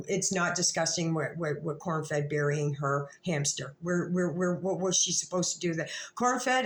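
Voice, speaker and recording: A woman with a lowish voice rambles through a profane, confrontational vlog rant. Her words bounce around an echoey room, and she talks with blunt, jumping thoughts. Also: fairly bright tone. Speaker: vlogger. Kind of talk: rambling direct-to-camera rant.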